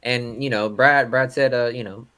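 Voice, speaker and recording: A man's voice: medium pitch, fairly even intonation, moderate pace, bright, forceful tone, clean tone. A young man co-hosting a live movie podcast, joking around and swearing in a laid-back way. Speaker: podcast co-host. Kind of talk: casual live-stream chat.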